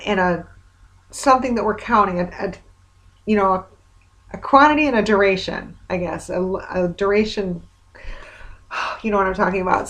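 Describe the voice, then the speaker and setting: A woman's voice: medium pitch, fairly bright tone. A woman recording a casual video diary, rambling in an exasperated, wry way. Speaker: vlogger.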